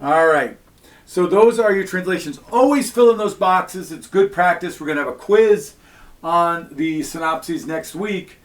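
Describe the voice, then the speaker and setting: A man teaching a recorded Latin lesson, walking through each point slowly and patiently. His voice sits a little higher than most men's. He often pauses on "all right" and "um" before moving on. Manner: patient step-by-step explaining, frequent "all right" and "um".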